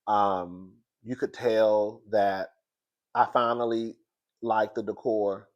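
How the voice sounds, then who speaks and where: A man with a fairly low voice talks through a reality show recap in a loose, gossipy way, calling everyone "girl." His nose sounds stuffed up from crying. The delivery is relaxed and conversational. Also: slow pace, lo-fi sound. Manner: chatty, talks to listeners as "girl". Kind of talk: casual recap chat.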